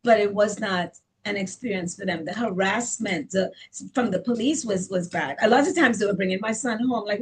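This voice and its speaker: A Caribbean woman who owns a salon is an interview guest, telling personal stories bluntly and with emphasis. She speaks at normal speed in a mid-range voice, often repeating words as she builds a point, and the audio is poor.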